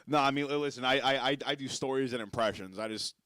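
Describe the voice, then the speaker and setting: A man's voice: mid-range voice, fast, pushed and bright. A man telling a rambling story on a casual podcast, full of stammered restarts and acted-out quotes.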